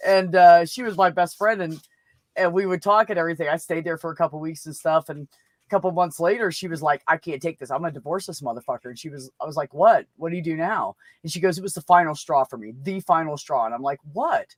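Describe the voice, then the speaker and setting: A man with a slightly high voice tells crude jokes in a loose, rambling way, swearing often and chuckling at his own punchlines. The sound is close and dry, with no room around it. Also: fast talker, no echo. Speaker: open mic host. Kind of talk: casual joke telling.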